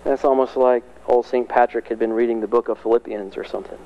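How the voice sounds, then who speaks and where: Animated preacher with a muffled sound. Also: male voice, fast. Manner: animated, rises high and loud when excited, conversational asides. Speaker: pastor. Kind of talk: sermon.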